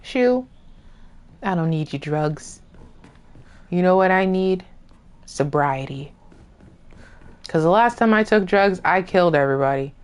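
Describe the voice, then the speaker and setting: A woman's voice: lowish voice, expressive, measured pace, pauses often, a little mellow. A woman streamer giving casual let's-play commentary, jokingly scolding the enemies and characters on screen. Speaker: gaming streamer.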